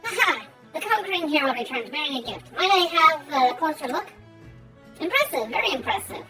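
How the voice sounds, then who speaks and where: An effusive, fussy scholar greeting a returning hero in a woman's reading. The voice is high and theatrical. Game music plays behind. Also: expressive, fairly quick. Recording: game music playing underneath.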